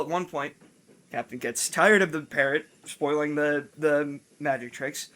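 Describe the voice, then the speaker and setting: A man co-hosting a game stream, telling jokes in a halting, rambling way with lots of restarts. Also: on the high side, sharp tone. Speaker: let's play co-host. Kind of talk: casual joke-telling while gaming.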